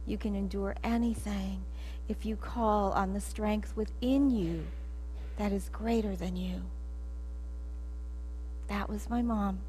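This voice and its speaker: Middle-aged woman, guest speaker in a church sanctuary, animated storyteller, slow and deliberate. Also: medium pitch, slight background noise. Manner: animated, acts out scenes and laughs at her own story. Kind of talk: personal storytelling talk.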